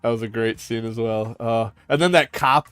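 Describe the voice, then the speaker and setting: A man's voice: mid-range voice, moderate pace, fairly bright tone, clean tone, no room sound, faint music behind. A man hosting a casual panel chat, rambling, swearing and laughing as he retells scenes. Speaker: host.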